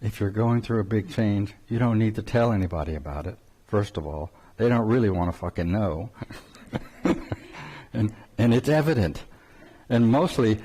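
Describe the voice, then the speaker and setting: An older man leads a spiritual talk, his fairly low voice wandering through a story with restarts. He chuckles often as he speaks. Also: expressive, moderate pace, dark tone, breathy edge. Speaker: spiritual teacher.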